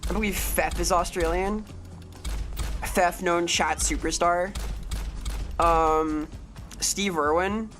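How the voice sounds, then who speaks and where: Woman streamer, loose and goofy, swears a lot, chats to viewers, with soft music behind. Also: fairly low pitch, fairly even intonation, takes it slowly, long pauses. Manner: playful, rambling, swears freely, greets chat members. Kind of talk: live game streaming chat.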